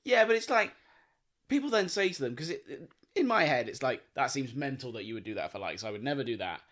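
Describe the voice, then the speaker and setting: A man co-hosting a comedy podcast, his voice moving through a wide range of pitch. He keeps asking curious questions and reacts loudly to the others' stories. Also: big pitch swings, fast talker. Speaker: podcast co-host. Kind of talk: casual comedic chat.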